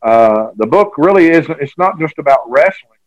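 A man's voice: a little high, expressive, moderate pace, no room sound, dull audio. A man, an author being interviewed, telling a long rambling story with many fillers and restarts. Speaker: author and guest.

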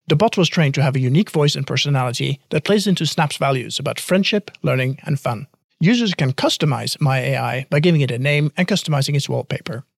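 A man with a slightly high voice and a gravelly edge hosts a tech news podcast. He reads headlines briskly and slips in dry jokes. The sound is dry and close. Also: dry recording. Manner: brisk read with dry quips. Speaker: podcast host. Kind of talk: news roundup and interview.

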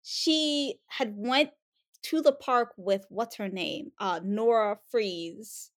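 Chatting casually, a woman recaps a TV episode and acts out the characters' lines as she retells it. Her voice is a little high and she talks slowly.

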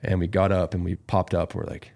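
A calm, laid-back man telling a story as a podcast guest in casual conversation. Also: deep voice, fairly quick.

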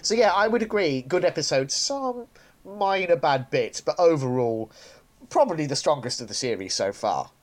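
A man's voice: on the high side, expressive, normal speed. Guy on a podcast, rambly and keen, keeps restarting his sentences. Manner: rambling, restarts a lot, enthusiastic. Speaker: podcast co-host. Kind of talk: casual podcast chat.

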